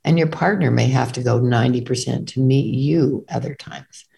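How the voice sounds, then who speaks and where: A woman's voice: very deep voice, normal speed, gravelly, mellow. A middle-aged woman co-hosting a talk, speaking earnestly in a casual way and sometimes reading passages aloud. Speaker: co-host.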